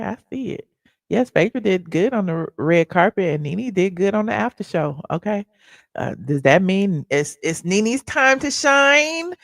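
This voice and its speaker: A woman's voice: mid-range voice, gravelly, dry recording, studio quality. A woman hosting a live celebrity gossip show, chatting casually and reacting to clips with a lot of "okay" and "honey".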